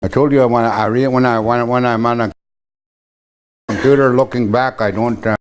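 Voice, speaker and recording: An older man teaching words of his language in a casual, hesitant way, repeating terms slowly with many pauses. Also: medium pitch, steady tone, clean tone. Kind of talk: teaching vocabulary, casual and halting.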